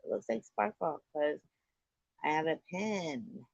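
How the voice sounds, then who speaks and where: A woman hosting a livestream. She rambles in an offhand, profane way at an unhurried, drawn-out pace. Her voice is dry and close, with dull lo-fi sound. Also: sits low, animated, vocal fry, no room sound. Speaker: livestream host. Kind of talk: casual chat.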